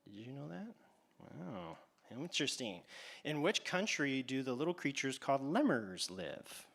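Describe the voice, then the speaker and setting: A man's voice: mid-range voice, gravelly. A man hosting a playful animal quiz for children on a church stage, teasing and drawing out his questions. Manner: animated, teasing, exaggerated pauses. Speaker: quiz host at a church kids' event.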